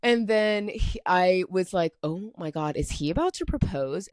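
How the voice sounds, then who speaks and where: A woman's voice: fairly low pitch, animated, a little slow, darkish tone, no room sound, clean studio sound. Chatty young woman podcaster, rambling. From Atlanta, US. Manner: chatty, rambling, heavy filler "like". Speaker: podcast host. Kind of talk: casual solo storytelling.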